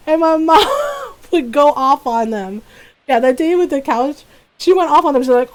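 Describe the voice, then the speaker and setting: A woman's voice: sits high, very animated, moderate pace, poor audio. A middle-aged woman game streamer, telling family stories in casual chat and laughing often. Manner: chatty storyteller who laughs often.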